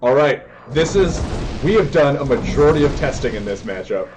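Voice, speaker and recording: A man commentating his own card game live, excitable and prone to yelling and tangents. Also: medium pitch, a little fast, background noise. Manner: excitable, yells in bursts, goes on tangents.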